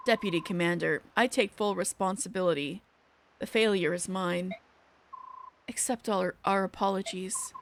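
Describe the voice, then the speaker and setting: A woman's voice: medium pitch, moderate pace, a little hiss or hum, pitched below the performer's own voice, natural voice. A woman voicing a polite young male knight apologizing formally in a game. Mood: contrite.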